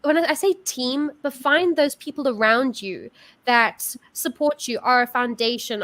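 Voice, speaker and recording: A bubbly South African woman hosts an online music show over a video call, gushing with praise and laughing easily. Her voice sits high and is recorded close and dry, with no room around it. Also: fairly bright tone, dry recording. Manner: bubbly and effusive, laughs often. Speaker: host.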